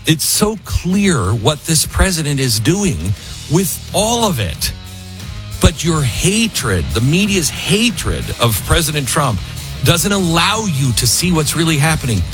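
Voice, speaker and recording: A man hosting opinionated political talk radio, emphatic and animated, who mockingly acts out what others say. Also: a little high, slow, over music.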